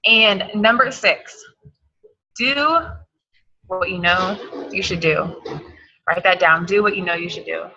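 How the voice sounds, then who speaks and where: A woman's voice: on the low side, slow pace, vocal fry, pauses often, bright, forceful tone, highs cut off. A woman giving an emphatic, hyped motivational talk on a team call, repeating her points. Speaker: team coach.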